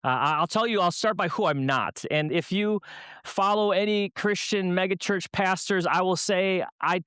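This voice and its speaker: This is a youth talk at a church event, given by a guest from Minnesota, USA, who tells funny stories and poses rhetorical questions to the room. He has a high, fairly bright voice that is clear and resonant, delivered at a moderate pace. The audio is clean studio sound without any room noise.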